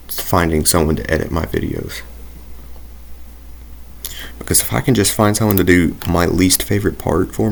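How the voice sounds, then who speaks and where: A man's voice: low-pitched, creaky, a little hiss or hum. A young man giving casual gameplay commentary, rambling into tangents and talking himself through his choices. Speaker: gaming video creator.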